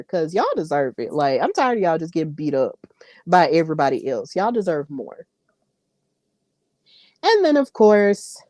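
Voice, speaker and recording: Woman, podcast host, casual opinionated commentary, warm mellow voice, dry close sound. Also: lowish voice, no room sound. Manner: animated, opinionated, talks straight to listeners.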